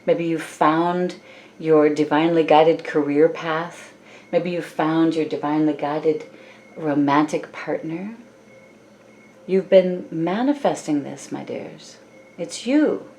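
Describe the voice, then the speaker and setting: A woman giving a channeled tarot reading, speaking softly and affectionately to her listeners with slow, drawn-out phrasing. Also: sits low, slight background noise. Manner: soft, affectionate, addresses listeners as "my loves". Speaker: tarot card reader.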